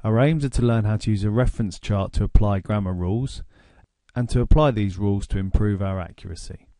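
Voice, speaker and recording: A man with an English accent narrating a grammar lesson, explaining slowly and deliberately. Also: lowish voice, warm tone, no room sound, studio quality. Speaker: language teacher.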